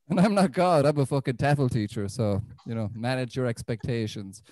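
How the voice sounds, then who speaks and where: A man's voice: mid-range voice, moderate pace, background noise. Irish man doing stand-up. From Ireland. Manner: deadpan, self-deprecating, swears often. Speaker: stand-up comedian. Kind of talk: stand-up comedy set. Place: comedy club stage.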